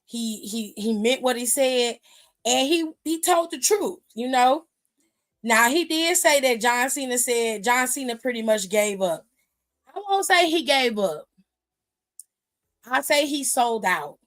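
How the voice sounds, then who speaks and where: A woman hosting a wrestling aftershow, talking in a brash, profane, animated way and acting out the people she talks about. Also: on the high side, unhurried. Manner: acts out quoted voices. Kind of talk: casual commentary monologue.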